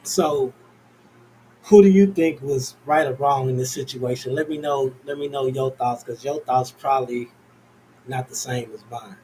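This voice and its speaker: A man with a mid-pitched voice hosts a casual commentary show. He talks in a laid-back way, with faint noise in the background. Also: measured pace, dark tone, poor audio. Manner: laid-back, inviting viewers. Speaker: host.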